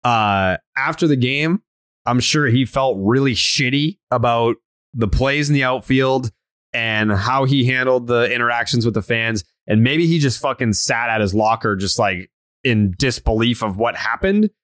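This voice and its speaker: A man's voice: mid-range voice, unhurried, a bit bright, no echo, studio quality. A man hosting a casual sports podcast, blunt and swearing often, with many fillers and restarts. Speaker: podcast host.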